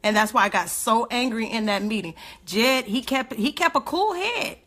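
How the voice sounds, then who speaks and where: Woman, bright and forceful, impassioned livestream speaker firing rhetorical questions. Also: fairly high pitch, expressive, moderate pace. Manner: emotional, indignant, rhetorical questions.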